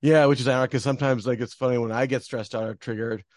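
Casual man interviewer, mid-pitched and reflective, dry close sound. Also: fairly even intonation, fast talker, dry recording. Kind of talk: conversational interview.

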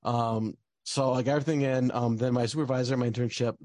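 A man's voice: medium pitch, steady tone, fast, darkish tone, dry recording. A young man telling a personal story in casual talk, rambling with lots of fillers and restarts.

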